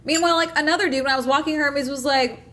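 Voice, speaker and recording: Woman, young adult, streamer, casual livestream chat, profane, animated, slightly high voice. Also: quick pace. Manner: profane, animated storytelling, many restarts.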